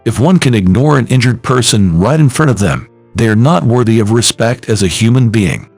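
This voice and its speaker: A man voicing a dignified male company president who speaks in a low, cold, firm voice. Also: animated, fairly quick, gravelly, darkish tone, faint music behind. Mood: cold stern.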